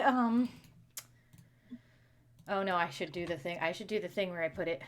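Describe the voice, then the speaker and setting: A woman's voice: on the low side, moderate pace, long pauses. A young woman live-streaming, flustered and self-mocking, who swears and drops into muttered whispers. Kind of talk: casual live-stream chat.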